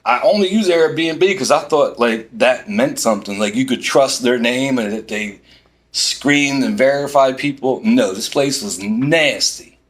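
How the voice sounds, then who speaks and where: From a parked van, a medium-pitched Philadelphia man rants without hurrying. The exasperated vlogger tells an animated story, voicing the quoted back-and-forth.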